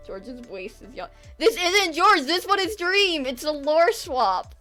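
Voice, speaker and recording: A teenage girl talks loosely to her stream chat as she draws, breaking into giggles and teasing viewers with sarcasm. Her voice sits a little high, and soft music plays faintly underneath. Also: very animated, takes it slowly. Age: teens. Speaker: art streamer. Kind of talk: casual livestream chat while drawing.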